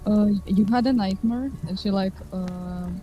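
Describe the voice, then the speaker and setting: A player voicing a scared but caring young woman who calms a friend in a soft, hesitant way. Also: medium pitch, unhurried, dull audio, close to an everyday voice. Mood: soothing.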